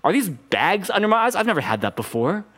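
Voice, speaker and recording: A man's voice: high-pitched, very animated, a little fast, fairly bright tone, full character voice. A man voicing Jesus as a grown man, comically bewildered and exclaiming about his new human body. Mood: comic dismay. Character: adult male Jesus, dismayed by a human body.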